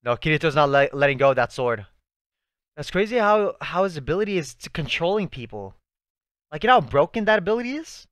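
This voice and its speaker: An excitable young man calls out to the screen as he reacts, in loose, slangy talk. His voice sits a little high and jumps all over, swinging from hushed to loud. The sound is close and dry. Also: a little fast, no room sound. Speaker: anime reaction channel host. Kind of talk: live reaction commentary.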